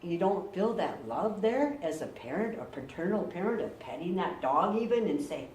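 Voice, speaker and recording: A middle-aged woman pastor preaching a lively, conversational sermon and acting out quotes. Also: mid-range voice, normal speed, slight background noise. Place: church sanctuary. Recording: echoey room, mic from far off.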